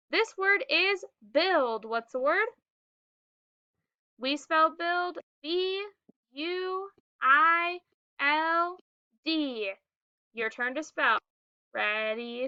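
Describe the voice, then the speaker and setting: A woman teaching a phonics lesson to young children, slowly sounding out words and cueing the class to read and spell along. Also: high voice, expressive, pushed and bright, no echo, highs cut off. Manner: slow, clearly sounded-out words with prompting cues.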